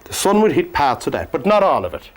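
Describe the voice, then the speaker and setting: A man from Cork with an Irish accent, teaching a painting lesson in a gentle, joking, soft-spoken way. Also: a little high, wildly swooping pitch, quick pace. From Ireland. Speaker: painting instructor. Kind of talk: painting lesson with chatty asides.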